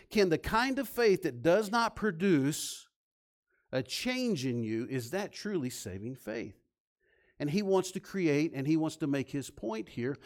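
Pastor guy preaching, chatty and emphatic, throws rhetorical questions, voice a little on the high side. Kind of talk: sermon.

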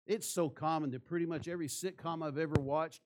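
A man's voice: fairly high pitch, steady tone, a little fast, heavy background noise. A man preaching a sermon in church, asking the congregation rhetorical questions. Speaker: pastor.

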